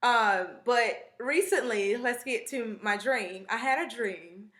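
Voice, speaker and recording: A woman's voice: on the high side, takes it slowly. A young woman vlogger telling a long story in a chatty, rambling way, full of fillers and asides. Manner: chatty, rambling, animated retelling with many fillers. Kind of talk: casual storytelling to camera. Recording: echoey room.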